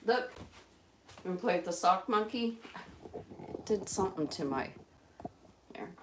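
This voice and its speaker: A woman hosting a live stream at home, chatting casually with viewers and coaxing her pet birds in a high sing-song voice. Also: lively intonation, a little slow. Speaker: livestream host with pet birds. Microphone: phone on a small tripod. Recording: echoey room, far from mic, noisy.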